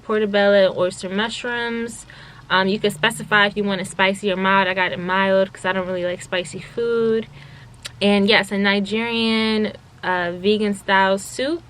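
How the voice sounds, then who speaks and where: A young woman vlogging at home, chatting in an excitable, rambling way full of fillers. She talks at an unhurried, slow pace with a mid-range voice. A faint hiss of noise sits behind her. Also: medium pitch, low-quality recording. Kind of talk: casual vlog chat. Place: home in Los Angeles.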